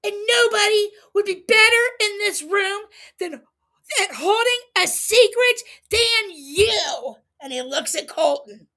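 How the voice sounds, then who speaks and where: Slow, bright, high-voiced woman recapping. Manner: reads quotes aloud with animated emphasis, laughs often. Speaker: livestream recap host. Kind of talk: casual recap livestream. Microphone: streaming setup mic.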